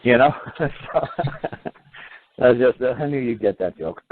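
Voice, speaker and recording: A male talk show host telling a long story in a casual way, acting out the other people's lines in animated quoted voices. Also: moderate pace, phone-quality sound, background noise. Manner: animated, acts out quoted voices with rising pitch.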